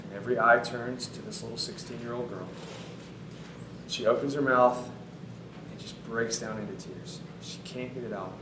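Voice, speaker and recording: A man's voice: medium pitch, fairly even intonation, normal speed, noisy background. A man in his thirties, a pastor telling a story in a sermon, conversational and earnest with casual fillers. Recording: roomy sound from a distant mic.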